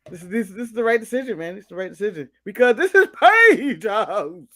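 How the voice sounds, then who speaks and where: High-voiced joking American man. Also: big pitch swings, brisk, bright, forceful tone. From United States. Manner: joking, rambling, apologetic asides. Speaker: co-host. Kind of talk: casual podcast chat.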